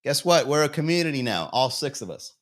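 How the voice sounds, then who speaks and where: A man's voice: medium pitch, sing-song, fairly quick. A man hosting a comedy livestream, rambling and swearing in casual banter, chuckling at his own jokes while he talks straight to chat viewers.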